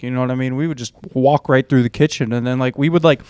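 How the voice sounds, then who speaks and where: A man's voice: mid-range voice, fast, hardly any pauses, darkish tone, clean tone, no room sound. Rambling, profane young guy. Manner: loose, profane, rambling with fillers. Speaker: podcast host. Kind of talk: casual storytelling chat.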